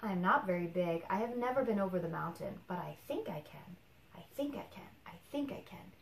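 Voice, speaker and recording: Woman doing a plucky little blue engine, kind, gentle, soft-spoken, echoey room. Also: lowish voice, lively intonation, fairly quick, creaky. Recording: roomy echo.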